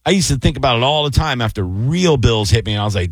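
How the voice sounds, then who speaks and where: A man in his thirties co-hosting a radio talk show, an animated storyteller who slips into mock DJ and anchor voices. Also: mid-range voice, quick pace, breathy edge, dry recording. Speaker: radio co-host. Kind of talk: casual chat.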